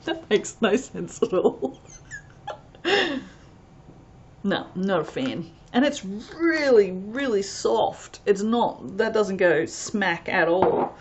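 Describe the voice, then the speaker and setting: A woman's voice: mid-range voice, animated, slow pace, dull audio, slight background noise. A woman chatting casually as she reviews soap fragrances, rambling and reading product blurbs aloud. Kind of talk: casual unboxing chat.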